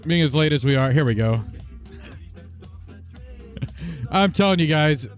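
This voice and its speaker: A man hosting a gaming livestream, telling a long rambling story with restarts and asides, and speaking quietly at times. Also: fairly high pitch, lively intonation, slow pace, lo-fi sound, faint music behind. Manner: talks quietly at times for housemates. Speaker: streamer and show host. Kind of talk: casual livestream chat.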